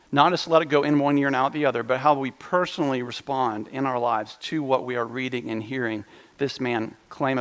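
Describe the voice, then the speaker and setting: A pastor preaching a sermon with a playful, animated delivery and big swings in loudness. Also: male voice, on the high side. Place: church sanctuary.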